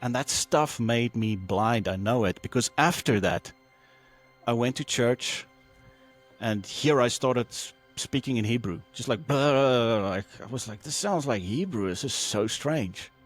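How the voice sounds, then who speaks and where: Animated man telling a personal testimony. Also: medium pitch, unhurried, faint music behind. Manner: animated, acts out quoted voices, many fillers. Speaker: podcast guest.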